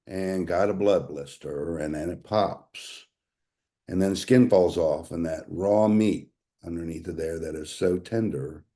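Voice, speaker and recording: A man's voice: low voice, warm tone. A man, earnestly telling his own story to an audience and calling them y'all. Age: 60s. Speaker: speaker sharing a health testimonial. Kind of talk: personal testimony to an audience.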